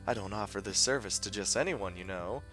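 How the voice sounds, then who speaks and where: A man doing a soft, teasing schoolgirl. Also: lowish voice, brisk, faint music behind, close to an everyday voice. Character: teasing, composed teenage girl, the sister.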